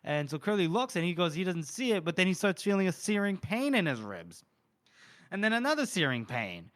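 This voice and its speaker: Smooth-voiced man recapping a story. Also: high-pitched, very animated, fairly bright tone. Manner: rambling retelling with quick voiced quotes and laughs. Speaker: podcast co-host. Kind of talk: casual book recap.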